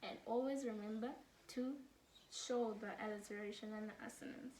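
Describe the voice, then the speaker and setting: A young South African woman, a student tutor, gives casual study tips from a room at home during load shedding, chatting and laughing as she mixes English with Afrikaans. Her voice is on the high side and a little mellow, with fairly even intonation and a normal pace. The room is echoey, the mic sits at a distance, and there's slight background noise.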